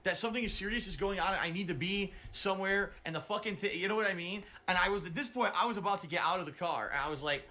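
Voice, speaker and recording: Man, high bright voice, animated, rambling, swears while recounting a story. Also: rapid-fire, hardly any pauses. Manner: rambling, profane, flustered retelling. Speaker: streamer telling a story. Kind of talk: rambling anecdote.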